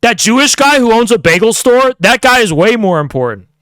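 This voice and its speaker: A man's voice: very high voice, sing-song, brisk, fairly bright tone, dry recording, clean studio sound. Sarcastic, profane young-sounding man ranting. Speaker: streamer. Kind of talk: heated stream commentary.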